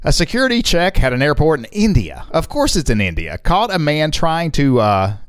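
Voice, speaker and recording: A man's voice: a little high, big pitch swings, normal speed, dry recording, studio quality. Playful middle-aged male co-host. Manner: playful, laughs often, reads news items aloud. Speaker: radio co-host. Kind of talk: joking talk-show banter.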